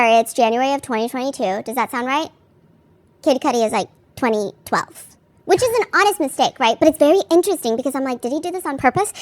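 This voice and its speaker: A woman podcast host giving casual, chatty commentary on a court case, full of "like" fillers and candid asides. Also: sits high.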